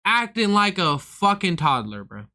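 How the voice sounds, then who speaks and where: Young male comic, profane and heated, forceful bright voice, rants and slips into act-outs. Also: sits high, big pitch swings, a little slow. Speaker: comedian streaming to viewers. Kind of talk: casual ranting monologue.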